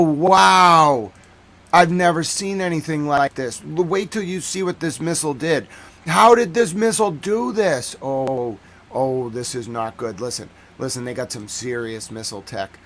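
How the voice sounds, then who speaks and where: A man giving excitable live commentary on footage as a streamer, slangy and repetitive, swinging between hushed and loud. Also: medium pitch, slight background noise. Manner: slangy, repeats phrases.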